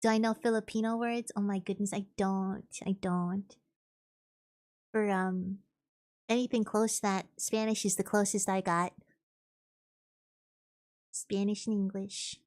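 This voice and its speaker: A woman's voice: medium pitch, flat delivery, measured pace, pauses often, a little mellow. A woman streamer chatting casually while gaming, thinking aloud and answering chat.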